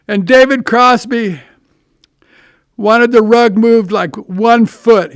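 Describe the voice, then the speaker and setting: A man's voice: high voice, clean tone, no echo, clean studio sound. An older man hosting a podcast, telling rambling anecdotes in a casual monologue with frequent restarts and profanity. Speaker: podcast host.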